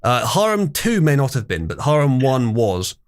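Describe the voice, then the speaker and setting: A man's voice: mid-range voice, very animated, normal speed. A man hosting a live stream, teasing his guests in casual chat. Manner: teasing, joking. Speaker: stream host.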